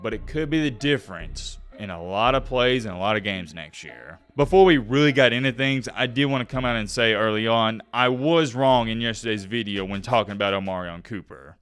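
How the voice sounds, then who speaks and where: A young man hosting his own college football channel, talking straight to viewers in a hyped, animated way. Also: on the low side, brisk, few pauses, smooth. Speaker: sports YouTuber host. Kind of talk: energetic college football commentary.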